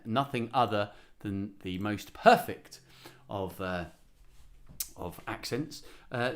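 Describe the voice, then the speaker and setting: A man's voice: mid-range voice, fairly bright tone. A man, a musician, hosting a casual livestream and chatting playfully between songs with a self-mocking humor. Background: guitar.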